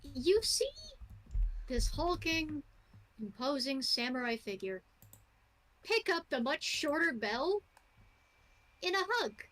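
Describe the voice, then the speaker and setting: Woman game master, high voice, casual and wry narration, tabletop role-play. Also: sing-song, slow, long pauses, bright, forceful tone, poor audio.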